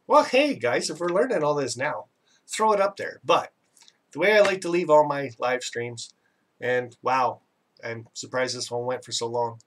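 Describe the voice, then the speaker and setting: A man's voice: medium pitch, normal speed, far from the mic. Chatty Canadian man a bit off-mic. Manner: chatty and rambling, self-teasing, laughs often. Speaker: live stream host. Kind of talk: casual live chat reading viewer comments.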